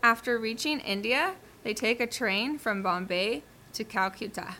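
Narrator, woman, calm storybook read, slow and bright. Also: a little high. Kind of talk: scripted narration.

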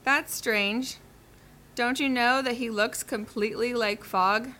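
A woman's voice: on the high side, steady tone, slow, pushed and bright. A woman voicing a sly, suspicious male detective in a children's cartoon, speaking insinuatingly.

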